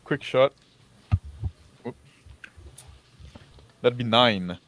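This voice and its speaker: Brief: mid-pitched male player, casual and jokey, rattling off combat actions. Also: drawn-out words, fairly bright tone, no room sound. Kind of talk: tabletop game play, combat calls.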